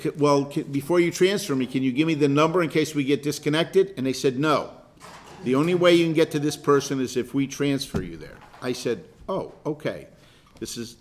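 A man, a pastor, leading a Bible study group, telling stories in a chatty, animated way with repeated words and laughs. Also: mid-range voice, slight background noise. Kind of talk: casual group discussion and storytelling.

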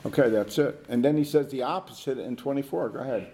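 Relaxed man teaching a Bible study. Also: mid-range voice, slight background noise. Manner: informal, halting, with restarts and questions to the group.

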